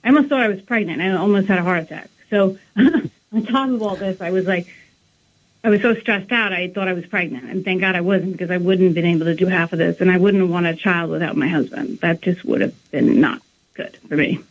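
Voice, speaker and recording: A woman's voice: on the low side, brisk. A woman in her thirties talks as an interview guest, with long earnest runs of story and quoted dialogue acted out as she goes. Her voice comes through a thin, phone-like line. The sound is boxy and narrow. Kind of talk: emotional personal storytelling.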